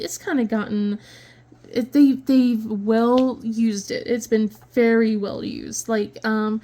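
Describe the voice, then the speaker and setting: Chatty woman with a higher voice. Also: darkish tone. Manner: chatty, rambling, laughs often. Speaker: crafting channel host. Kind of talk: casual chat.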